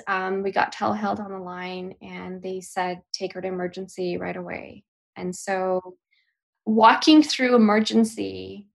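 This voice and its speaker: A young woman with a gravelly, mid-pitched voice tells a painful personal story as a podcast guest. Her delivery is emotional and halting, full of restarts as she relives it.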